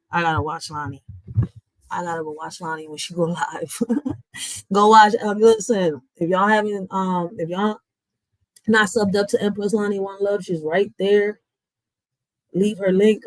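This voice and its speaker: A woman talks bluntly to her viewers while reacting to a news clip. Her voice sits mid-range and the room sounds dry and close. She keeps a chatty, animated tone. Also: mid-range voice, no room sound, rough recording. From Philadelphia, USA. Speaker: host of a reaction channel. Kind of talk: casual reaction commentary.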